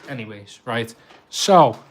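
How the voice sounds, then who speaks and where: Scouse man, medium voice, running a relaxed fish-tank live stream and joking about himself between topics. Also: mid-range voice, slow pace. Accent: Liverpool (Scouse). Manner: chatty, laughs often, self-mocking. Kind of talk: casual live-stream chat.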